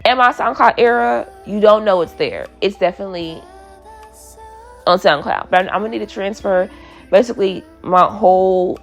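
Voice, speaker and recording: A woman's voice: mid-range voice, moderate pace, faint music behind. A woman in her twenties hosting a solo podcast, chatty and playful, riffing and laughing as she talks. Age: 20s. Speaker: podcast host. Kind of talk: casual solo podcast chat.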